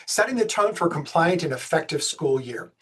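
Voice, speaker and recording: A man from the States, giving a webinar presentation on special education law in a fast, energetic way with jokey asides. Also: on the high side, breathy edge. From Southern United States.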